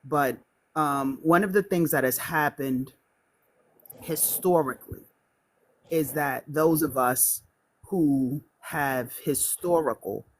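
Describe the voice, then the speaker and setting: A man joins a live stream as a guest, speaking slowly and formally with a somewhat raised pitch. He fills his pauses with ums. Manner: measured, formal, with many fillers.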